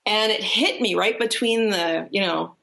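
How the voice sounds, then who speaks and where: A woman's voice: unhurried, vocal fry. A woman, a life coach, telling stories in a casual interview, rambling with restarts and acting out what people said. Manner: animated, acts out quoted people in a higher voice.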